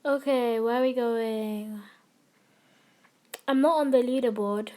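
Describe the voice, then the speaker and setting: A woman's voice: fairly high pitch, slow. A young woman chatting casually and giggling while she plays and streams an online game. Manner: chatty, giggly, easily excited. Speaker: gamer streamer.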